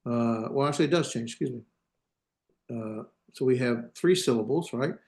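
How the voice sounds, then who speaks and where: A man's voice: medium pitch, normal speed, darkish tone. A male teacher giving a classroom lecture on grammar, thinking aloud, hesitating and correcting himself as he goes. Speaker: Hebrew teacher.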